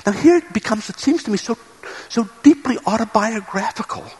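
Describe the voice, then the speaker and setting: A man's voice: sits high, expressive, fairly quick, a little mellow, slightly rough, low-quality recording. A man preaching a sermon in an earnest way, often repeating words as he builds a point.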